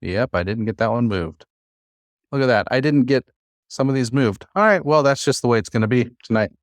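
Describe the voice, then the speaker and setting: A man's voice: mid-range voice, lively intonation, a little fast, dry recording, clean studio sound. A man teaching a classroom lesson, patient and encouraging, with many fillers. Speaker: Hebrew teacher.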